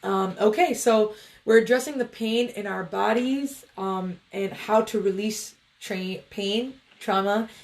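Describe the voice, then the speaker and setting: A woman's voice: medium pitch, takes it slowly. A woman meditation coach talking casually to viewers on a livestream, in a loose, chatty way with many fillers.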